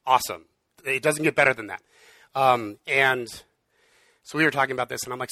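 Gravelly-voiced man giving a casual sermon. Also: medium pitch, brisk, pushed and bright, no echo. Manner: earnest, conversational, with frequent fillers. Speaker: preacher.

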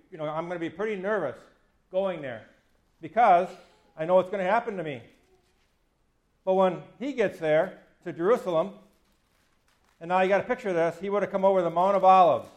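A man's voice: high voice, a little fast, pauses often, reverberant. A man in his fifties, a pastor giving a conversational sermon that acts out quoted speech with a self-deprecating touch. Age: 50s. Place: church.

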